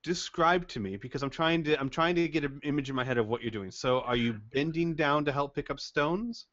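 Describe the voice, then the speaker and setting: A man's voice: fairly high pitch, brisk, a bit bright, dull audio. A man running a tabletop game as game master, laying out scenes step by step. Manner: lays out scenes step by step, hesitant fillers.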